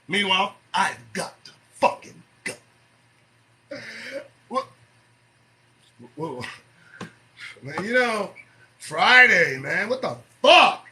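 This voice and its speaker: A man hosting an early-morning commentary show, preaching and swearing as he swings from shouting to low muttering. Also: a little hiss or hum, poor audio.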